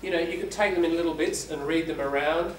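A man's voice: on the high side, fast. Male English teacher, patient explainer, distant mic in a noisy classroom. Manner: explains patiently, demonstrates exaggerated stress by reading aloud. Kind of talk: classroom lesson. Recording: echoey room, far from the mic, background noise.

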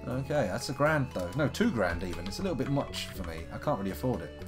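A man's voice: medium pitch, sing-song, fast, faint music behind. A man giving chatty, wry let's-play commentary as a game streamer. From United Kingdom. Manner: chatty, wry, reads characters aloud in silly voices.

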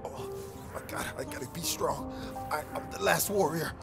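A man narrating his own gameplay as a melodramatic skit, pepping himself up and swinging between hushed worry and shouting. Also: on the high side, moderate pace, vocal fry. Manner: over-the-top dramatic self pep talk, swinging from hushed to shouting. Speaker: gaming YouTuber. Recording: roomy sound with music behind.

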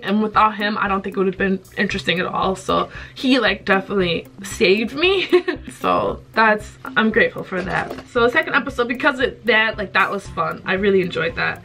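A woman vlogger casually telling a story to the camera, chatty and animated, laughing often. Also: mid-range voice. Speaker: YouTuber vlogger.

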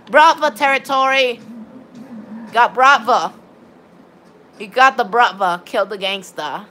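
A woman giving excitable, rambling live commentary on her gameplay while chatting with viewers. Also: on the high side, unhurried, pauses often. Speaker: game streamer.

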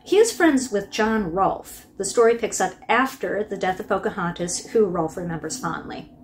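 A woman's voice: medium pitch, lively intonation, normal speed, a little hiss or hum. A woman hosting a casual book review, chatty and wry, with laughing asides.

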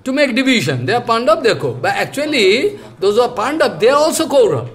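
A man teaching from scripture in an earnest, explanatory way. He talks haltingly, searches for words, and fills gaps with "you know" and repeated phrases. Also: very high voice, very animated, fairly bright tone. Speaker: spiritual teacher. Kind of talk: scripture lecture.

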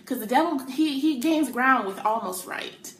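A young adult woman sharing a personal faith testimony with excited emphasis and casual slang. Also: sits high, normal speed, a little hiss or hum. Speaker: testimony speaker. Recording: echoey room.

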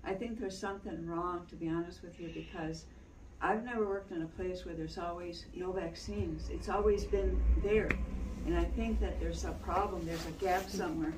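A woman's voice: on the low side, fairly even intonation, moderate pace. A woman working in a doctor's office, talking with a patient's parent in a matter-of-fact, explanatory way. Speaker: medical office staff. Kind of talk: casual conversation with a patient's parent. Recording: distant echoey room, noisy phone recording.

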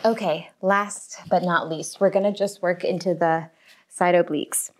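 A woman's voice: fairly low pitch, fairly even intonation, moderate pace. Encouraging woman cueing a workout. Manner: upbeat, encouraging, counts reps aloud. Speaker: pilates and barre instructor. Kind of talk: cueing a home workout class. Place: home workout space. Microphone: lapel mic pack.

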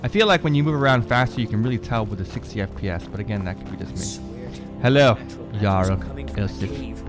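Excitable man narrating his gameplay. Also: mid-range voice, brisk, music in the background, poor audio. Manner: excitable, swears freely, talks to the screen; rambling with many fillers and repeats. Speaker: gamer showing off a modded game. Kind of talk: casual gameplay commentary.

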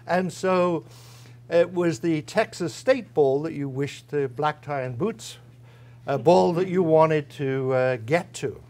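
A man lectures to a university audience in a fairly high voice. His tone is wry and conversational, and he pauses now and then to find his words. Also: a little mellow. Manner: wry, conversational, with frequent hesitations. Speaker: guest lecturer. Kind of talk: academic lecture with humor.

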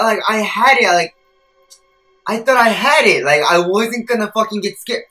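A young man playing a horror game on stream, cursing and muttering to himself before bursting into yelps. His voice is bright and lively, leaping up and down in pitch. Faint game music plays underneath. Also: moderate pace. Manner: jumpy, profane, swings from mutters to shouted panic. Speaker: gameplay streamer.

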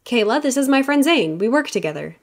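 A woman's voice: high-pitched, sing-song, brisk, pitched above the performer's own voice. A woman narrating an audiobook, reading the lines of a friendly, earnest young woman intern in a slightly lifted voice.

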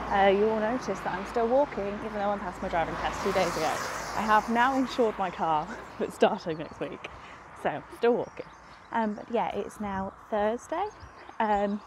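A woman's voice: mid-range voice, background noise. A young woman talking casually to camera as a book vlogger, chatty and self-deprecating, often rambling. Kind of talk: casual vlog chat.

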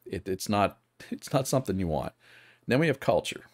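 Speaking in a low, deep, darkish voice, this male streamer is very animated as he gives relaxed live commentary on a strategy game at a normal speed. He reasons aloud and breaks off to respond to his chat, all captured in a dry, close-miked recording.

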